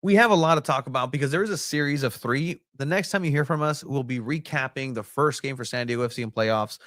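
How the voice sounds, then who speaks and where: A man's voice: medium pitch, fast, fairly bright tone, dry recording, clean studio sound. A young man co-hosting a casual sports podcast, rambling with lots of fillers and jokes. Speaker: podcast co-host and soccer reporter.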